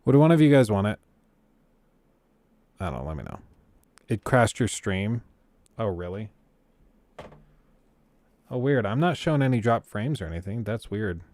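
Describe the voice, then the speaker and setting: A man's voice: fairly low pitch, big pitch swings, moderate pace, long pauses, a little mellow, dry recording. A man hosting a casual livestream, ranting bluntly and sarcastically to his chat. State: keeps choking on throat. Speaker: livestream host.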